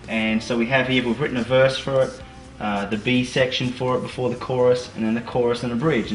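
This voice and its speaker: A man's voice: medium pitch, a bit bright. A man from a band, easily explaining their songwriting chart to the camera in a casual way. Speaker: band member. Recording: echoey room.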